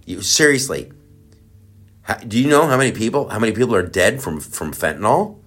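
A man's voice: mid-range voice, sing-song, a little fast. A man delivering a heated, profane, sarcastic political rant, rambling with many restarts. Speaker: political commentator. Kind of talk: ranting monologue.

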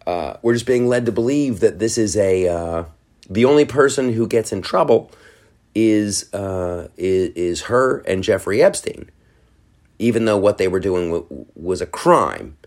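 Deep-voiced, animated man ranting. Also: measured pace. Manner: rambling, animated, with restarts and mimicked quotes. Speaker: podcast host. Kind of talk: casual solo podcast monologue.

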